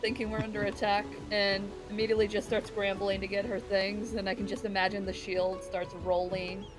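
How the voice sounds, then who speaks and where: A woman's voice: medium pitch, level tone, fairly quick, over music. A woman playing in a tabletop game, casually describing her character's actions. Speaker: player.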